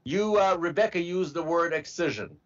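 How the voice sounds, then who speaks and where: A man teaching medical terminology to a class, slowly spelling out word parts and asking students to repeat. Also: on the high side, expressive, dull audio. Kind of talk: classroom lecture.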